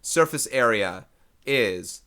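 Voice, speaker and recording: A man's voice: medium pitch, animated, takes it slowly, fairly bright tone. A man teaching a recorded math lesson in a casual way, thinking aloud and correcting himself as he works through problems.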